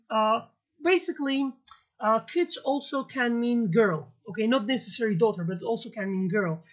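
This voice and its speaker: A language teacher whose native tongue is Kurdish, and who has a Kurdish accent, walks through words one at a time in a casual video lesson, repeating each. Her slightly high voice is peppered with fillers and "okay" check-ins, and the audio is dull lo-fi.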